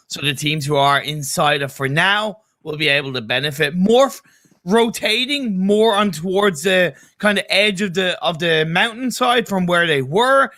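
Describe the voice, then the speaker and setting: Bright-voiced Irish esports co-caster. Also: male voice, fairly high pitch. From Ireland. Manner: chatty, laid-back, playful. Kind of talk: live color commentary.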